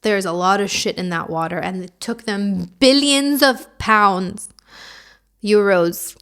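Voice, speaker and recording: A woman's voice: mid-range voice, takes it slowly, a bit bright, clear, resonant tone. A woman hosting a casual podcast, sassy and opinionated, rambling with lots of "like"s. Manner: puts on a mock French accent. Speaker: podcast host.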